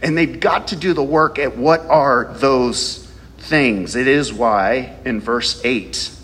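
A man's voice: mid-range voice, slow, a bit bright, slightly rough, long reverb tail. A male pastor preaching a sermon, reading scripture aloud and asking the congregation rhetorical questions.

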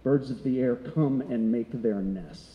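A man's voice: medium pitch, a little slow, highs cut off. A middle-aged man preaching a sermon as pastor, conversational and full of rhetorical questions. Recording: echoey hall.

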